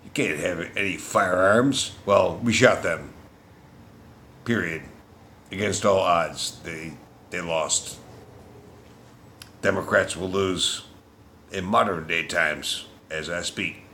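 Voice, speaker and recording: A man delivering an angry, profane political rant as a vlogger, shouting at times. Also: sits low, slow pace, pauses often, a little hiss or hum.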